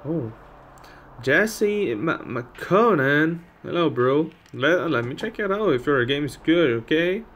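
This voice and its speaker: Brief: laid-back male let's-player, slow talker, animated voice, jokey asides. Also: on the high side, a little hiss or hum. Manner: chatty, joking, laughs at the game. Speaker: gameplay channel host. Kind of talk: casual let's-play commentary.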